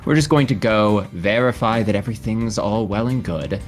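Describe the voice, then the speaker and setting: Guy doing a hushed smooth-talking con man, coaxing, faint music under it. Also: medium pitch, very animated, a little slow. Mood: soothing. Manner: soft, soothing, persuasive.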